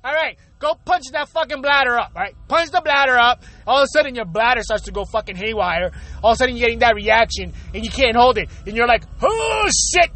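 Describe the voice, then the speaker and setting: A man's voice: extremely high pitch, fast, few pauses, bright, forceful tone. A man hosting his own show, ranting from his car in traffic, swearing often, laughing and asking rhetorical questions. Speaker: show host. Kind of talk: profane comedic rant.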